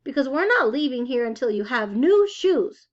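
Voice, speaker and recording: A woman's voice: high-pitched, big pitch swings, normal speed, highs cut off. A woman reading aloud, voicing a fussy, worried mother who scolds her sons. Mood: firm. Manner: anxious, scolding, emphatic.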